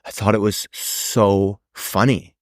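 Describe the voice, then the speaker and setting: A man's voice: fairly low pitch, slow pace, dry recording, studio quality. A man with a Canadian accent, co-hosting a casual podcast chat, swearing freely and restarting his sentences. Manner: swears a lot, restarts, animated. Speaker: podcast co-host.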